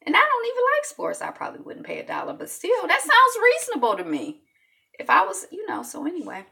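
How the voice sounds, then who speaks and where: Woman host, casual news chat, gravelly voice with a wide swinging pitch. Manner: chatty, reads comments from viewers; swoops high and drops to soft mutters.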